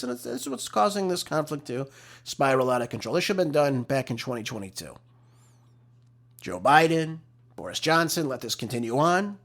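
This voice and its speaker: Emphatic, ranting male talk show host. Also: mid-range voice. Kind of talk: opinionated solo commentary.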